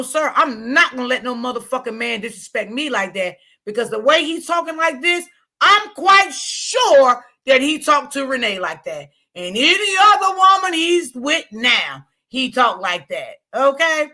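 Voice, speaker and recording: A woman's voice: high-pitched, bright, forceful tone. A woman hosting a live commentary stream, talking bluntly and reading her chat aloud. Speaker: commentary livestream host.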